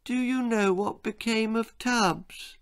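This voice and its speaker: A man voicing a young boy who is turning strange, speaking slowly and in a hushed, wondering way. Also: high-pitched, clear, resonant tone, dry recording, pitched above the performer's own voice, full character voice. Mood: dazed. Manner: slow, wondering, hushed delivery.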